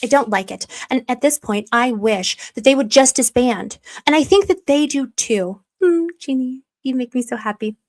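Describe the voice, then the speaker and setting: A woman's voice: high-pitched, normal speed, few pauses. A woman giving heated casual livestream commentary, repeating rhetorical questions and reading viewers' chat aloud. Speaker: political commentary streamer.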